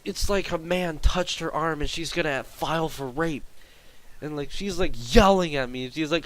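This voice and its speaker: A man's voice: fairly high pitch, normal speed, fairly bright tone, slight background noise, rough recording. A young man telling a workplace story in a casual, rambling vlog style, full of fillers and exaggeration.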